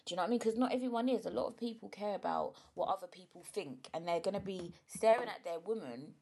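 A woman's voice: mid-range voice, quick pace, a little mellow, husky. A young woman, chatting frankly and emotionally to camera, with plenty of fillers and swearing. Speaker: vlogger, mother. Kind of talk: casual chat to camera.

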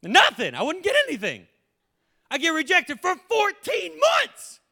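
Young guy pastor, cracking jokes mid sermon, high bright voice that bounces all over. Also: unhurried, vocal fry. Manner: joking, animated, laughs often.

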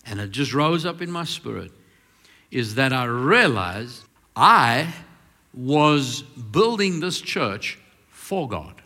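A man preaching a sermon as pastor, swinging between emphatic, drawn-out declarations and quieter, confiding storytelling. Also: medium pitch, very animated, big-room sound.

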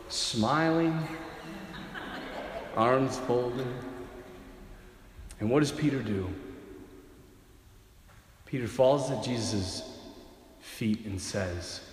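A man preaching a sermon who tells the story dramatically and swings from loud to hushed. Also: mid-range voice. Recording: echoey hall with long reverb.

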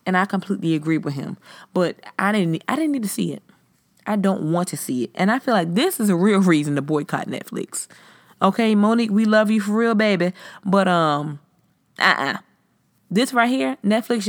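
A woman's voice: lowish voice, no echo. Profane ranting podcast woman. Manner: blunt, profane, animated ranting. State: tipsy, slightly slurring. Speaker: podcast host. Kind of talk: casual podcast chat.

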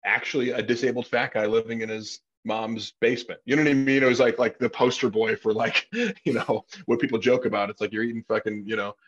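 A man's voice: mid-range voice, fairly even intonation, brisk, few pauses, husky, lo-fi sound. A man hosting a podcast in casual conversation, rambling with lots of fillers and some swearing. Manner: rambling, many fillers, profane. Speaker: podcast host.

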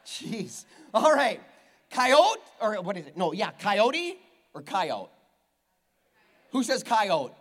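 Lively, high-voiced joking pastor. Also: male voice, takes it slowly. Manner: playful, joking with the congregation. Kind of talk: sermon. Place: church hall with a live congregation.

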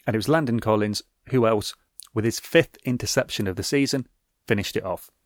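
A man's voice: fairly low pitch, a little fast, no echo. A man hosting a podcast, reading a scripted football recap with wry, dry asides. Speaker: podcast host.

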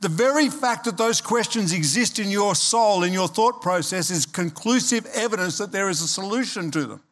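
A man's voice: high-pitched, animated, moderate pace, a bit bright. A man in his sixties preaching a sermon as pastor, talking conversationally, checking in with the congregation and slipping in humorous asides.

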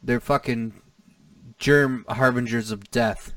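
A man's voice: mid-range voice, fairly even intonation, takes it slowly, fairly bright tone, no room sound, recorded from a distance. A man co-hosting a comedy podcast, talking in casual, profane chat and laughing often. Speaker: podcast co-host.

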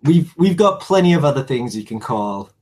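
A man's voice: medium pitch, big pitch swings, moderate pace, darkish tone, husky. A man with an Australian accent in easygoing casual chat.

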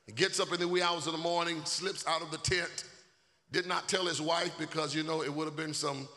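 Bright-voiced preacher man shouting in a hall. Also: on the high side, steady tone, fairly quick. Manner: call-and-response preaching, swells to shouting. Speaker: pastor. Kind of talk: sermon. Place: church sanctuary. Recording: echoey hall.

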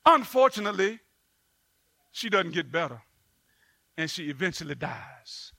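A man preaching a sermon and telling a story, with animated delivery and sudden loud bursts. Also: on the high side, unhurried, vocal fry, dry recording.

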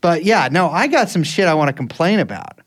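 A man co-hosts a casual podcast, joking and swearing freely. His pitch sits a little high and swings a lot as he riffs. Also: brisk. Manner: animated, jokey, swears casually. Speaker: podcast co-host.

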